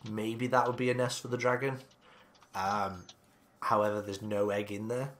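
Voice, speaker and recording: A man's voice: lowish voice, little pitch movement, normal speed, fairly bright tone. A man narrating a tabletop game as game master, hesitant and full of ums and likes.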